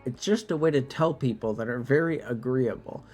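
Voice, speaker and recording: A man's voice: mid-range voice, moderate pace, a little mellow, slightly rough, faint music behind. A man streaming a game late at night, sleepy and tipsy, casually translating French text in a drawling, self-deprecating way that stumbles over words.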